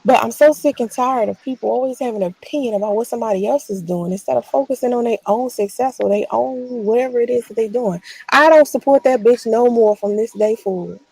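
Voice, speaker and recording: A woman's voice: a little high, brisk, gravelly, few pauses, a little mellow, slightly rough, no echo. Blunt, profane woman ranting. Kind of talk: ranting monologue.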